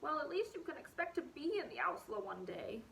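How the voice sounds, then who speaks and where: A woman's voice: high voice, very animated, fairly quick, vocal fry, a bit bright, a little hiss or hum, voice pushed up, exaggerated voice, rough recording. A woman voicing a young male rabbit in a storybook, fretful and tearful, with a trembling, pleading way of talking. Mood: uneasy.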